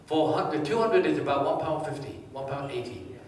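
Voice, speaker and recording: Man, motivational speaker, slightly high voice, booming hall reverb, picked up from afar, faint hum. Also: fairly quick. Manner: lively, quizzes the audience and tells anecdotes. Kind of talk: live seminar talk to an audience. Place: large hall with a live audience. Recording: echoey hall, distant mic.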